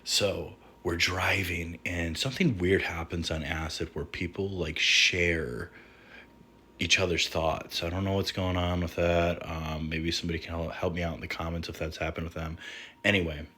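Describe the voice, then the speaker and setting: A man's voice: deep voice, little pitch movement, normal speed, sharp tone, slightly rough. A young man casually telling a story, rambling and swearing, with lots of fillers.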